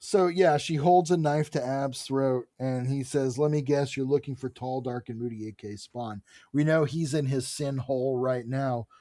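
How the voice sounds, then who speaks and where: A man co-hosting a podcast, recapping a comic book in a casual, animated way, reading characters' lines aloud and swearing freely. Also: medium pitch, normal speed, hardly any pauses, dry recording, studio quality. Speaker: podcast co-host.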